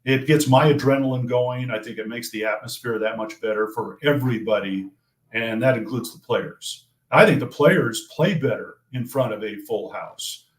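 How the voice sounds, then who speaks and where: An older man, a sports play-by-play broadcaster, answering questions in a measured, thoughtful way, often restarting his phrases. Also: medium pitch. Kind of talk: casual interview answers. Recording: roomy echo.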